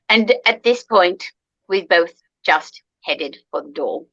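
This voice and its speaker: A woman's voice: fairly low pitch, lively intonation, normal speed, pushed and bright, no echo. Chatty woman telling a story, lo-fi. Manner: chatty, frequent ums and gasps. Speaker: performer in costumed character. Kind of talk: playful in-character chat and storytelling.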